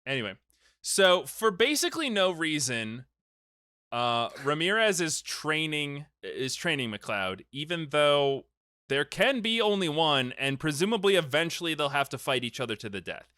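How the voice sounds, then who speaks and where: A man hosting a podcast, recapping a film in casual, animated chat and getting worked up in a joking way. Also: fairly high pitch, normal speed, no echo, studio quality. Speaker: podcast host.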